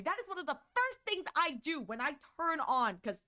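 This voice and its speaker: Woman streamer, bright voice, lively swooping pitch, exasperated casual storytelling, condenser mic. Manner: animated and exasperated, swings between quick and drawn-out. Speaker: streamer and voice actor.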